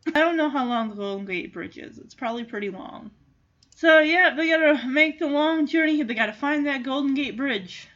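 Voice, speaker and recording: A woman chatting casually in an amused way as she recaps a movie and does quick character voices. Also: high voice, animated, fairly bright tone, muffled recording.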